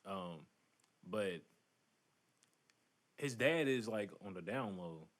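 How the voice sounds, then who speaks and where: A man's voice: low voice, expressive, takes it slowly, a bit bright. A man co-hosting a casual podcast, recapping a show in a rambling way with lots of fillers. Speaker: podcast co-host. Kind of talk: casual chat.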